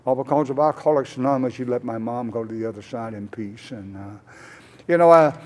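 A man's voice: mid-range voice, fast. An older man speaking at a conference, telling a rambling, folksy personal testimony full of "uh"s and acted-out conversations. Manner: rambling, folksy, many "uh"s, acts out both sides of conversations. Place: conference hall.

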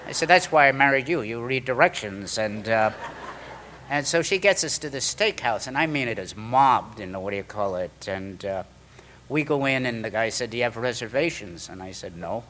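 A man's voice: mid-range voice, moderate pace, a little hiss or hum. A middle-aged man telling a story from his recovery to a meeting, acting out the voices of the people in it. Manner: animated storyteller, acts out quoted voices.

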